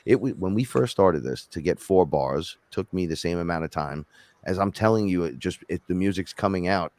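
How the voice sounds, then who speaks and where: A rapper co-hosting a podcast, telling rambling, animated stories in casual chat and quoting himself along the way. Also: male voice, low-pitched, normal speed, no room sound. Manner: rambling, animated storytelling with self-quotes.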